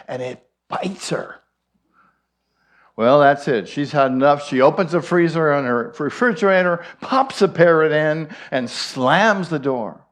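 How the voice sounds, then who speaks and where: A man, a minister, giving a sermon and telling a joke in an unhurried storytelling way. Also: a little high, animated.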